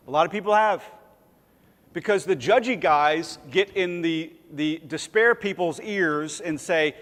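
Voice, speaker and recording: A man's voice: high-pitched, unhurried, a bit bright, long reverb tail. A man preaching a sermon in a church, conversational and self-deprecating, sometimes acting out little voices. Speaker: pastor. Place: church sanctuary.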